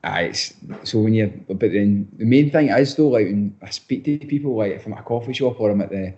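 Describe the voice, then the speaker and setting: Young scottish guy chatting away, low dark voice, kinda muffled lo-fi audio. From Scotland. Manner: chatty, repeats words, quick asides. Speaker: footballer guest. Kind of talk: casual podcast interview.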